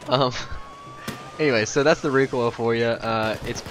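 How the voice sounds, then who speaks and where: A man's voice: mid-range voice, fairly even intonation, measured pace, music in the background. A young man giving casual, rambling game commentary as a voice-over, full of ums and asides. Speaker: gameplay commentator.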